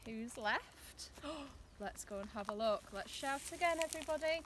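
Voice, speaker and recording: A woman presenting a play activity for small children, talking in a slow, exaggerated sing-song. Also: sits high, animated, fairly bright tone, slight background noise.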